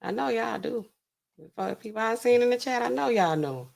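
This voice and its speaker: A woman's voice: fairly high pitch, lively intonation, brisk, creaky, a little mellow. A woman hosting a casual livestream as a pharmacist, chatting with her viewers in a sassy, incredulous way. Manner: chatty, sassy, talks to chat, laughs incredulously.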